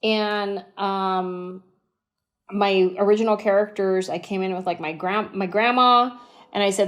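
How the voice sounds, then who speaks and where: Animated woman comedian telling stories. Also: mid-range voice. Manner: animated storyteller, slips into quick impressions. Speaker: comedian guest. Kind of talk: storytelling podcast interview.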